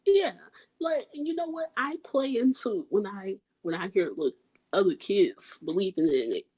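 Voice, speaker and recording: A woman co-hosts a podcast in casual chat, speaking very slowly with a husky voice. She muses hesitantly and drops blunt, slangy asides. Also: mid-range voice, lively intonation, a little mellow, rough recording. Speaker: podcast co-host.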